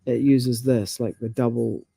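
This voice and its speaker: A man, chatting casually about language and reading passages aloud with halting restarts. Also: mid-range voice, steady tone, creaky, warm tone, slightly rough, no echo.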